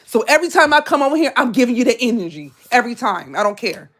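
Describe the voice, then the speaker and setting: A woman delivers a live tarot reading as a scolding monologue. Her voice sits on the high side, and she is blunt and profane, hammering the same lines again and again. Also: very animated, quick pace, a bit bright. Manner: repetitive, confrontational. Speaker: tarot reader.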